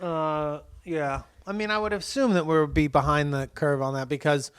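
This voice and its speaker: Soft-spoken, hesitant male co-host. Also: a little high, steady tone, normal speed, clear, resonant tone. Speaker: podcast co-host. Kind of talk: casual comedy podcast chat.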